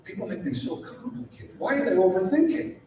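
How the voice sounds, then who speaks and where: A man speaking to a live seminar audience, punchy and animated, his voice jumping up and down in pitch. He is picked up from some way off in a very echoey room. There is clear background noise behind him. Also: a little fast, recorded from a distance. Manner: animated, punchy, rhetorical questions. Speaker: sales trainer and speaker.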